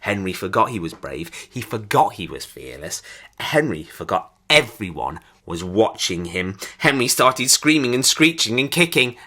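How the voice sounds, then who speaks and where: A man reading a children's storybook aloud in an expressive, dramatic way. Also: lowish voice, normal speed. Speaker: storybook reader.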